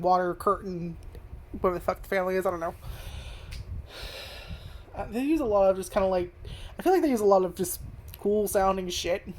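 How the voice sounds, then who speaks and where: A woman's voice: medium pitch, darkish tone, a little hiss or hum. A woman reviewing an anime at home in front of a webcam, rambling and swearing with lots of fillers. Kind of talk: casual video review. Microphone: webcam zoomed in on face.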